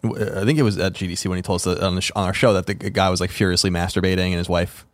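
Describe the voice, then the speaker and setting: A man's voice: deep voice, fairly even intonation, racing, no room sound. A man co-hosting a podcast in casual chat, with dry, teasing banter. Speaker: podcast co-host.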